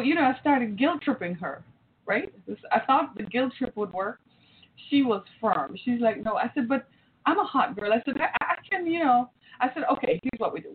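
A woman's voice: a little high, normal speed. A woman in her forties hosting a talk, telling a family story and playing out the voices in it. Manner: animated, acts out quoted voices. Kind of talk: storytelling to an audience. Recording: tinny phone-like line with faint noise.

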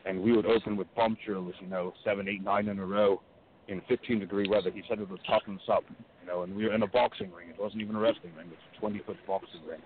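A man being interviewed as a guest, telling stories in an earnest, measured way over the phone. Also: on the low side, steady tone. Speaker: guest wrestler and coach. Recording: tinny phone line with hiss.

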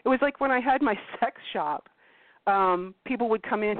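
A blunt, animated woman chats as a talk host, swearing freely and mimicking people she quotes. Her voice sits fairly high and swings widely in pitch. The sound is thin and phone-like, with a dry room. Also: moderate pace, a little hiss or hum. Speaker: podcast host. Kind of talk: casual chat. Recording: tinny phone-like line, dry.

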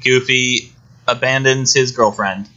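Bright-voiced man rambling through a recap. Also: medium pitch, fairly even intonation, unhurried. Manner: rambling, detailed plot recapping. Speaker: podcast co-host. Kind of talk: casual chat. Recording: dull lo-fi recording.

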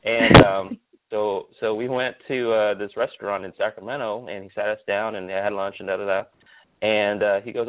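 Low-voiced man telling stories by phone. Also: moderate pace. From Stockton, California. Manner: animated, repeats words, many fillers. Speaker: guest, optometrist. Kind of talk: casual interview storytelling. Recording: tinny phone line.

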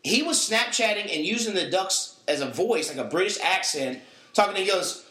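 A man's voice: high voice, big pitch swings, quick pace, fairly bright tone, roomy sound, poor audio. A young man hosting a podcast, telling a rambling story with restarts in casual chat. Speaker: podcast host.

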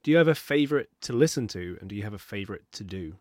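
A man's voice: on the low side, lively intonation, rapid-fire. A man interviewing a guest, asking friendly questions and nodding along with short replies. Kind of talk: casual interview chat.

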